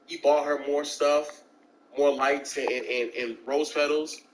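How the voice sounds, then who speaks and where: A man's voice: takes it slowly, slight background noise, poor audio. A man telling stories in casual chat and acting out the people in them with jumps in his voice. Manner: animated, acts out quoted voices with big pitch jumps.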